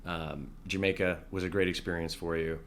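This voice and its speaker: A male podcast host with a low, deep voice asks his questions in a supportive way. He backs his guest up with frequent short affirmations, and faint ambient noise runs underneath. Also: fairly even intonation, normal speed, creaky, fairly bright tone. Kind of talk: interview.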